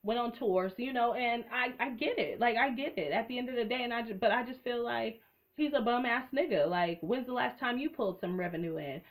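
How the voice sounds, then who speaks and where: A woman's voice: fairly high pitch, fairly quick. A young woman giving a casual, blunt and profane commentary, full of sassy asides. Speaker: reality TV commentator.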